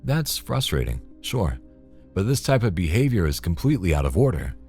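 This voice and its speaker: Deep-voiced male commentary narrator. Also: very animated, fairly quick. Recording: voice-over with faint music.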